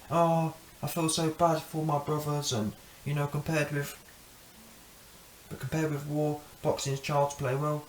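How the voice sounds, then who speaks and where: A man's voice: a little high, husky. A man giving a blunt, mocking opinion monologue as a channel host, laughing at his own points.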